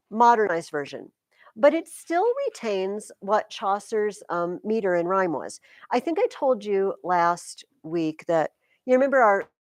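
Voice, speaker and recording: A woman teaching a high school English class, explaining poetry in a chatty, lively way. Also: dry recording. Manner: chatty, explains with sing-song rhythm examples. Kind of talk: classroom lecture.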